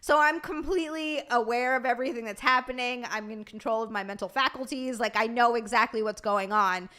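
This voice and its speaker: Sleepy woman streamer rambling and cussing, kinda high pitched, bright sharp voice. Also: a little fast. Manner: chatty and scattered, swears freely. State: tired from lack of sleep. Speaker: streamer and podcast host. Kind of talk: casual livestream chat, answering viewer donations.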